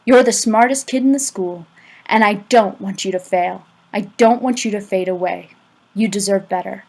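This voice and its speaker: A woman's voice: mid-range voice, darkish tone, natural voice, low-quality recording. A woman reading the lines of an earnest adult male teacher in an amateur audiobook, talking urgently and sometimes stammering. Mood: gentle, insistent. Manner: urgent, halting, stammering in places.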